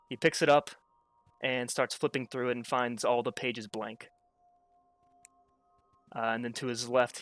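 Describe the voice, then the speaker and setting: A man's voice: mid-range voice, fairly bright tone, no room sound. A man narrating a tabletop game as game master, in a loose, casual way full of hedges like "kinda". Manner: casual, full of fillers and restarts.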